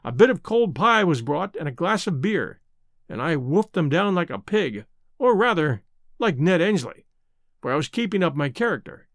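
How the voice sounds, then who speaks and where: A man narrating a classic adventure novel in the first person, with measured storytelling. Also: fairly high pitch, very animated, dry recording, studio quality. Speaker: audiobook narrator.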